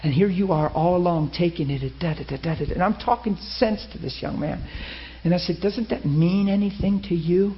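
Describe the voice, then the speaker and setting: A man preaching a sermon, telling a story with lively acted-out quotes. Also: sits high, brisk, hardly any pauses. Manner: animated, acts out quoted voices. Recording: muffled lo-fi sermon recording.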